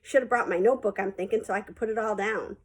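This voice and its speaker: A woman's voice: medium pitch, fast talker, slightly rough, low-quality recording. A woman reading a children's novel aloud, narrating in a plain, folksy first-person way. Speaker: audiobook reader.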